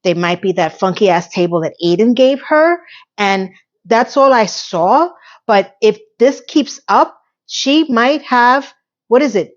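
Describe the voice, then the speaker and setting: Recapping a TV episode in casual chat, this woman vlogger speaks with a fairly high pitch, lots of animation and a measured pace. Her tone is sarcastic and talkative, with the occasional curse. The recording is lo-fi and a little muffled.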